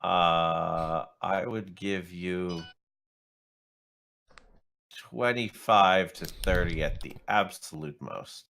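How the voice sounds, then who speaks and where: A man's voice: deep voice, drawn-out words, gravelly, pauses often, bright, forceful tone. A man talking in character as a tabletop roleplaying player, with a dry, wry manner.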